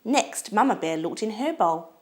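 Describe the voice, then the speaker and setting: A woman reading a children's storybook aloud in an expressive, lilting way. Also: mid-range voice, moderate pace.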